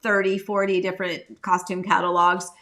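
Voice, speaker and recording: A woman realtor hosting a casual live-stream chat, rambling warmly and greeting viewers by name. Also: lowish voice, flat delivery, normal speed. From United States. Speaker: realtor and live show host.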